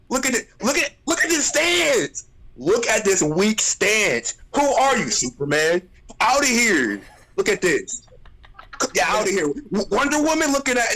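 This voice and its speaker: A high-voiced man rants on a casual livestream, his pitch leaping all over as he roasts people. He sounds exasperated and animated, hammering the same phrases again and again. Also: low-quality recording. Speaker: streamer. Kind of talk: casual ranting stream chat.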